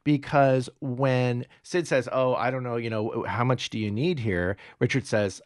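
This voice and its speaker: A man co-hosting a podcast, retelling scenes in a lively way, acting out lines and laughing often. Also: mid-range voice, normal speed, hardly any pauses, no echo, studio quality. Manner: animated retelling, acts out quotes, laughs often. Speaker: podcast co-host. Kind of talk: casual recap chat.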